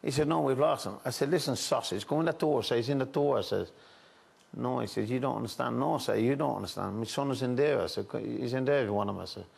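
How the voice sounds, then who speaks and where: An Irish man telling a story as a chat show guest, halting and repetitive, with frequent restarts and "I said". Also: mid-range voice, vocal fry, a little mellow, husky. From Ireland.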